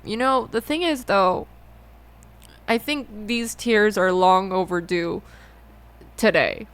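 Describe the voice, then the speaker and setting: A young adult woman talking through her feelings in a personal monologue, halting and often rephrasing herself. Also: mid-range voice, clean tone. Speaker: musician and host.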